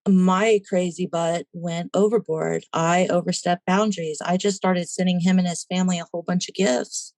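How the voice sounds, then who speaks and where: A woman's voice: on the low side, steady tone, moderate pace, few pauses, a little mellow, no room sound. A woman, a podcast guest, telling her personal story in a casual interview and animatedly acting out the voices in it.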